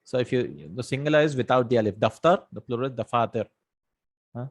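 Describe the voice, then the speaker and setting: A man's voice: mid-range voice, quick pace. A man teaching an Arabic grammar lesson in English, reciting verses and checking in with "right?" and "hmm?" as he explains. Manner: many fillers and self-corrections.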